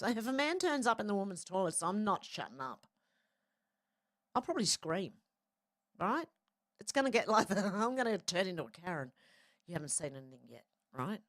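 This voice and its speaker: A woman's voice: mid-range voice, fairly bright tone, no room sound, clean studio sound. An Australian woman hosting a livestream, chatting casually as she reads viewer comments aloud. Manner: chatty, reads chat aloud with frequent fillers. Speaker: livestream host. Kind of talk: casual chat reading live comments.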